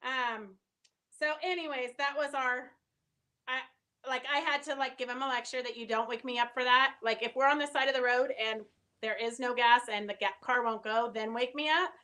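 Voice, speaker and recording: A woman's voice: on the high side, steady tone, normal speed, sharp tone. A middle-aged woman chatting casually on a live stream, answering viewer comments and telling stories with lots of fillers. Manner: chatty, storytelling, many fillers.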